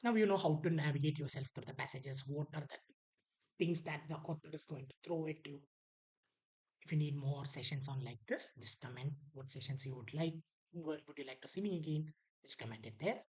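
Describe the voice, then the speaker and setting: A woman's voice: sits low, a little fast, a little mellow, poor audio. A woman, teaching an online exam prep lesson, repeating key words and acting out an author's attitude.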